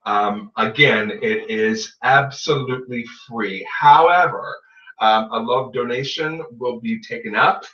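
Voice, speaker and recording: A man's voice: mid-range voice, measured pace, pushed and bright. A man hosting a casual podcast as a tarot reader, playful and joking as he plugs his readings. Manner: playful, joking, self-promoting. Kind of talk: casual chat. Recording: roomy, distant, dull lo-fi sound.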